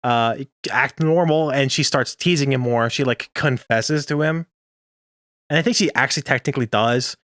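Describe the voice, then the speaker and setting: A young man talking casually as a podcast co-host, jokey and full of laughter. His voice sits in an ordinary middle pitch. The sound is dry and close, with no room around it. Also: normal speed, fairly bright tone, dry recording. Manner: chatty, laughs often, jokey. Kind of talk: casual chat recapping an anime episode.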